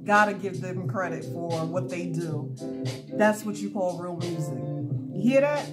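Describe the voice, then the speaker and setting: A woman's voice: on the low side, measured pace. A woman hosting a crochet video, chatting casually and laughing often as she works at home. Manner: giggly, chatty, animated storytelling. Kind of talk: casual chat while crocheting. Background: soft lo-fi hip-hop music.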